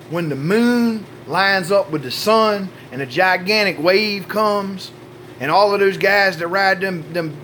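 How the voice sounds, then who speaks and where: A man's voice: sits high, a bit bright, slight background noise. A man telling a rambling, profane comic story about his own life and swearing constantly.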